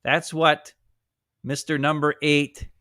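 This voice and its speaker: Man co-host, sarcastic ranter, high-pitched, dry close mic. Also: slow, no echo. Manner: animated, sarcastic, mocks others in put-on quotes. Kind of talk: casual sports chat. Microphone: live stream mic.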